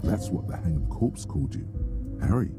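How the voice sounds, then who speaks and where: A man's voice: deep voice, expressive, normal speed. A man voicing the mocking inner-voice narrator of a detective video game, over music. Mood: sardonic. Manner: dry, sardonic narration.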